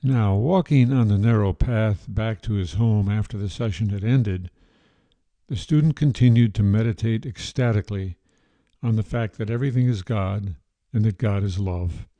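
Calm podcast guy reading a story, really mellow dark voice, dry close sound. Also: fairly low pitch, moderate pace, no echo, highs cut off. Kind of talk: scripted story narration.

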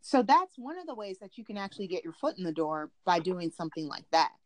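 A woman's voice: fairly low pitch, big pitch swings, quick pace, no room sound. A woman in casual chat, frank and folksy, laughing as she talks.

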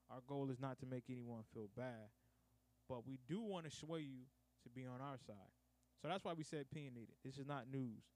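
A man's voice: medium pitch, a little mellow. A man hosting a casual sports podcast, upbeat and promotional, with slangy everyday talk. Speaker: podcast host; radio host.

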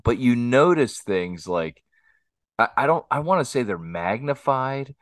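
A man co-hosting a podcast who tells family anecdotes in a casual, animated way. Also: medium pitch, a little slow, no echo, studio quality. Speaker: podcast co-host. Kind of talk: casual storytelling chat.

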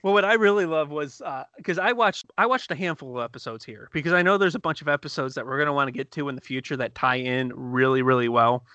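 A man co-hosting a casual podcast, excitedly retelling TV scenes with quick laughs and restarts. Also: a little high, dry recording, highs cut off. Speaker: podcast co-host reviewing TV episodes. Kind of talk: casual chat.

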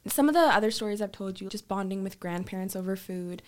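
A young woman, a guest, telling a family story in casual conversation, acting out quotes with lively jumps in her voice. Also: fast. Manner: animated, acts out quotes with big pitch jumps.

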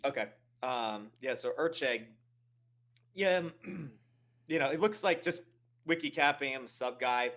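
A man co-hosting a fight-picks show, talking hesitantly with many pauses and fillers. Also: medium pitch, a bit bright. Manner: hesitant, full of ums. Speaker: regular co-host. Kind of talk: casual betting chat.

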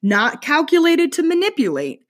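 A middle-aged woman giving a casual spiritual teaching talk, chatty and animated, with playful asides. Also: sits high, moderate pace.

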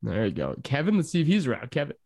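A man's voice: mid-range voice, huge pitch swings, vocal fry, a little mellow, husky, no echo, studio quality. A man hosting a casual sports podcast, calling on each panelist in turn for game picks. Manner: brisk, calls on each panelist by name. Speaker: host. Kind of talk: casual podcast chat, running weekly picks.

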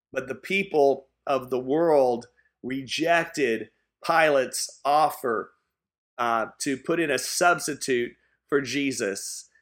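Slow, earnest preaching man. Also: a little high, fairly bright tone. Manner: earnest, emphatic preaching with repetition. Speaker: pastor. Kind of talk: sermon.

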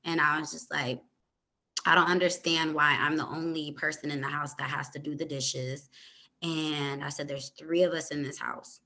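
A young adult woman, a podcast host, calmly retelling a personal story with hesitant pauses and many fillers. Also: deep voice.

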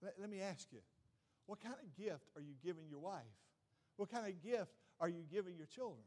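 A man's voice: high voice, fairly quick, a little mellow. A middle-aged male pastor preaching a sermon with emphasis, often saying "watch this" and putting questions to the congregation.

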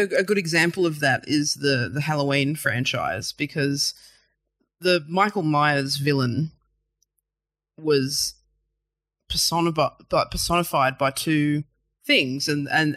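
A man co-hosting a casual film chat, animated and repeating words as he thinks. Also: fairly high pitch, dry recording, studio quality. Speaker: podcast co-host.

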